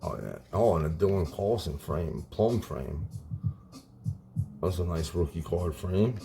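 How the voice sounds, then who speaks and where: A man in his forties casually chatting while opening card packs on his channel, relaxed and saying "man" a lot. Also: low-pitched, unhurried, creaky, slight background noise. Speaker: card collecting YouTuber. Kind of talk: casual pack-opening vlog.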